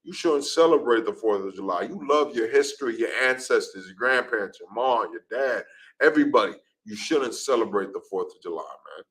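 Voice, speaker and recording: A man's voice: medium pitch, lively intonation, a little fast, a bit bright, low-quality recording. A man preaching in a street-talk class, emphatic and repetitive, often ending lines with "man". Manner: emphatic, repeats "man", acts out scenes. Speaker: class speaker.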